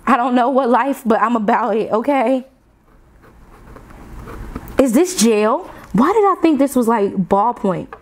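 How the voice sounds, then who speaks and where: A woman's voice: a little high, measured pace, long pauses. Gushing woman unboxing at her desk. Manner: excitable, gushing, talks to viewers as y'all. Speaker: planner vlogger. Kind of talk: casual unboxing chat to viewers. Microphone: desk camera mic, off camera.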